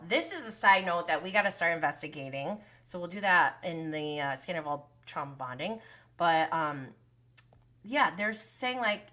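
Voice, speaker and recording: Bright-voiced gossipy woman. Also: lowish voice, lively intonation, normal speed. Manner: gossipy, chatty, swears and laughs often. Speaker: show recap host. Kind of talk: casual livestream recap.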